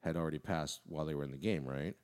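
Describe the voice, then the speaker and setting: A man on a casual podcast who argues his points in a halting way, often restarting his sentences. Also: very deep voice, a little mellow, clean tone. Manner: halting, full of restarts, argumentative. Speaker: podcast co-host. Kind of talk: casual chat.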